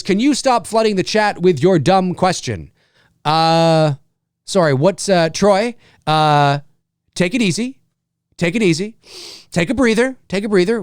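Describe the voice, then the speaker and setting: A man's voice: fairly high pitch, no echo, clean studio sound. A middle-aged man hosting a casual live stream, reading viewer comments aloud and joking back at them. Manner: animated, reads chat aloud and jokes back.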